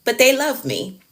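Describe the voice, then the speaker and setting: A middle-aged woman with a Jamaican accent leads a live coaching stream as a productivity coach. She talks fast and passionately in a mid-pitched voice and speaks directly to her viewers. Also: fairly bright tone.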